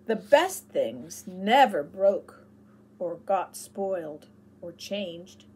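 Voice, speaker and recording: A woman narrating a children's chapter book aloud with expressive storytelling. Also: on the low side, extremely slow, husky.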